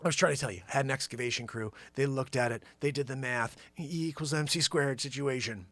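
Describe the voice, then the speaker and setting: A man hosting his own show, riffing an improvised comedy monologue with sudden loud shouted bursts. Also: mid-range voice, animated, brisk, few pauses, dry recording. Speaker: show host.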